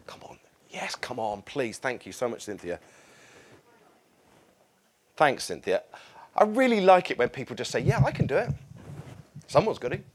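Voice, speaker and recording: A man's voice: medium pitch, very animated, normal speed, long pauses, slight background noise. A man leading a church gathering, talking casually and hesitantly, with many fillers and restarts. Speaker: church service leader.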